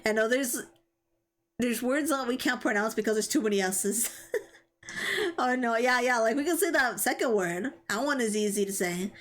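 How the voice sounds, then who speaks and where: A woman's voice: on the high side, normal speed. A young woman streaming live, chatting casually and giggling as she reads chat and stumbles over tricky words.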